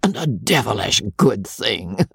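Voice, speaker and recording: A man's voice: fairly low pitch, sing-song, unhurried, creaky, a bit bright, husky, dry recording, clean studio sound, exaggerated voice. A man doing a coarse, hearty old baronet.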